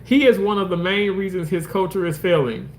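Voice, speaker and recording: A man hosting a casual livestream, reading comments and talking loosely, swearing often and jumping into exaggerated mock voices. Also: fairly quick. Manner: animated, swearing, swings into high mock voices. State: homeless, says so. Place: outdoors park.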